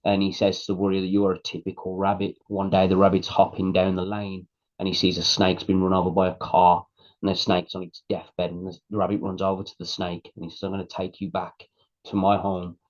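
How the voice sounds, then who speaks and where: A man's voice: deep voice, completely flat delivery, fairly quick, highs cut off. A man in his late thirties co-hosting a podcast, chatting casually and telling stories with animation. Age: late 30s. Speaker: podcast co-host. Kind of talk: casual chat.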